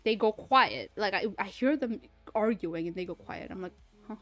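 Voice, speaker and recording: A young woman livestreaming, telling a rambling, animated story full of fillers, swearing and laughter. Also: medium pitch, normal speed, soft background music. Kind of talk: casual storytelling chat.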